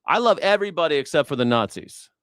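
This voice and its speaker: A man tears into his audience in a heated livestream rant, looping the same jabs and swearing freely. His voice sits a touch high and the sound is dry, with no room around it. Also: lively intonation, fast talker, smooth, dry recording. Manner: profane, repetitive, shouting tirades. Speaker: livestream host.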